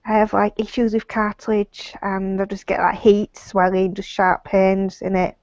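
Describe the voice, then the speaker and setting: A woman's voice: medium pitch, little pitch movement, moderate pace, darkish tone, dry recording, muffled recording. A woman with a Yorkshire accent, chatting plainly as a caller on a video call. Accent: Yorkshire English. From Yorkshire, England. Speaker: caller seeking healing. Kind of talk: casual chat.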